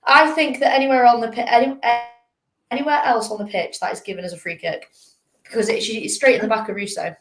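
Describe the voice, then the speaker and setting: A woman's voice: a little high, fairly even intonation, fast talker. A woman on a fan panel, talking football casually and hesitantly, with lots of fillers. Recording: echoey room.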